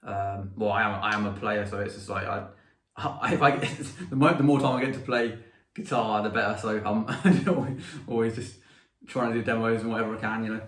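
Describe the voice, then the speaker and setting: A man's voice: on the low side, a little fast, fairly bright tone. A man who builds guitar pedals, chatting as an interview guest, laughing easily and rambling through restarts. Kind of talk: casual interview chat. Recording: roomy echo.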